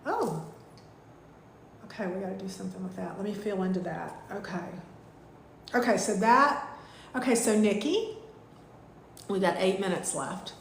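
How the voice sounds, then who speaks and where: A woman, teaching a live online spiritual class in a gushing, heartfelt way with drawn-out thank-yous. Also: medium pitch, gravelly, a little hiss or hum. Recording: echoey room.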